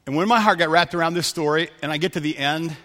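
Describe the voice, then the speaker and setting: High, bright-voiced preacher in a big hall. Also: male voice, fast. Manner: storytelling, drops to a hush for quoted lines and rises for emphasis. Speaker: pastor. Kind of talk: sermon.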